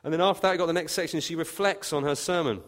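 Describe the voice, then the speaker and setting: A man preaching a sermon, emphatic, with his voice lifting and growing louder when he quotes scripture. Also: fairly high pitch, rapid-fire. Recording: long reverb of a hall.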